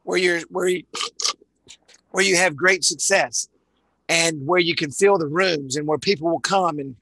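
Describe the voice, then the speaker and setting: A man's voice: fairly high pitch, unhurried, sharp tone, husky, no room sound, low-quality recording. A man from Dallas with a Texan accent, leading a live online sales training in a rambling way, full of repeated words and uhs. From Dallas, Texas.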